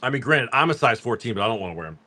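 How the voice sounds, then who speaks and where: A man's voice: mid-range voice, expressive, very fast, sharp tone, no room sound. A man chatting casually on a live stream, joking with viewers while he reads off cards. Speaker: card-break livestream seller.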